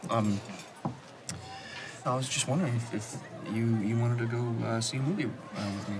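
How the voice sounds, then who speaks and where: A man's voice: mid-range voice, normal speed, close to an everyday voice. An actor playing a shy, awkward teenage boy who mumbles and stammers through fillers. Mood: nervous. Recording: film soundtrack with background noise.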